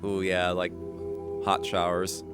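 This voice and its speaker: A man's voice: deep voice, monotone, slow, over music. A man casually commenting as a streamer, rambling with lots of fillers and restarts and laughing easily. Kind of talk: casual live watch-along commentary.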